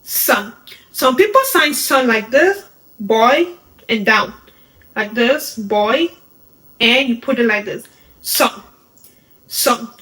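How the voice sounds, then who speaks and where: A woman teaching a beginner sign language lesson, upbeat and patient, repeating each word slowly as she demonstrates. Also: fairly high pitch, expressive, sharp tone, rough recording. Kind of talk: instructional video lesson.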